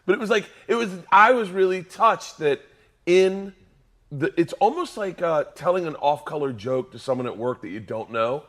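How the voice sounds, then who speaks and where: A man's voice: on the high side, animated, moderate pace, fairly bright tone. A man co-hosting a casual comedy podcast, telling goofy stories and playing along with jokes. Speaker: podcast co-host.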